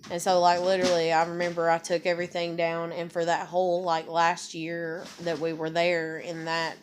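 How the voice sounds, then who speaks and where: A woman at home telling a personal story in a rambling, casual way, swearing often and filling pauses with "like" and "you know". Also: lowish voice, monotone, noisy background. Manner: rambling, profane, full of fillers. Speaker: vlogger. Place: home with a kitten nearby.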